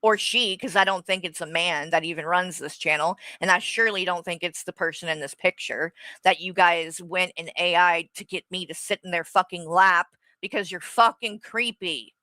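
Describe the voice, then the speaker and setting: A woman's voice: on the low side, moderate pace, few pauses, sharp tone, no room sound. A woman streamer ranting angrily and profanely at her viewers and reading their comments aloud. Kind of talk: live stream rant.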